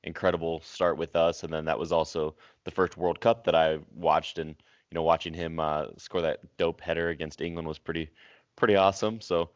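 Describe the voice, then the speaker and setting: A man co-hosting a podcast, talking in relaxed, slangy casual chat. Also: deep voice, normal speed, no echo. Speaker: podcast co-host. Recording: dry dull lo-fi audio.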